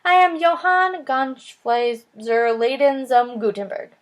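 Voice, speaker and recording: A woman's voice: sits high, lively intonation, slow pace. A woman voicing a jolly old male German printer, a holographic figure, with a put-on thick German accent, read aloud from a chapter book. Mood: hearty.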